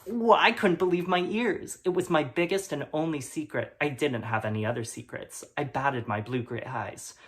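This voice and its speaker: A man playing an awkward teenage boy who reads his melodramatic fan fiction aloud in a deadpan, hesitant way, with mumbled asides. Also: on the high side, moderate pace, hardly any pauses, lightly acted. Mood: earnest. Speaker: comedy performer. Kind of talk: deadpan comic reading of melodramatic prose.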